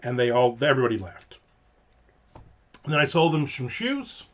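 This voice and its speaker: A man's voice: mid-range voice, very animated, normal speed, a bit bright. A man hosting a show, telling a long anecdote in a rambling, digressive way with casual profanity. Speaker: show host. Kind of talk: casual storytelling.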